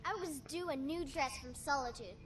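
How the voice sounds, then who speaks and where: A woman's voice: sits high, moderate pace, soft background music, lightly acted. A woman voicing a spoiled little village girl in a fantasy video game, whiny and complaining.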